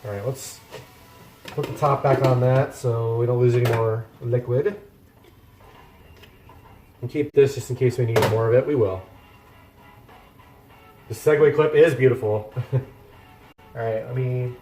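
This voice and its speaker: A man's voice: mid-range voice, steady tone, unhurried, pauses often, mellow, roomy sound, faint music behind. A man chatting casually to his viewers while cooking in a home kitchen, rambling and poking fun at himself. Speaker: cooking streamer. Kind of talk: casual cooking chat with live chat.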